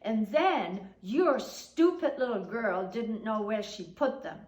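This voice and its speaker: A woman's voice: on the high side, lively intonation, measured pace, a little mellow. Harsh scolding mother, accusing and nasty, told by an older woman; echoey room.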